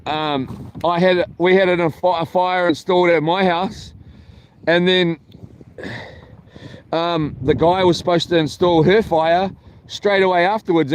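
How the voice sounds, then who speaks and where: A man rambles through a casual camping-vlog story, often stopping and restarting his sentences. His voice sits a little high for a man. Faint outdoor noise runs underneath. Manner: chatty, meandering, frequent ums and restarts. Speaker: vlogger. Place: camping, near a boat on water.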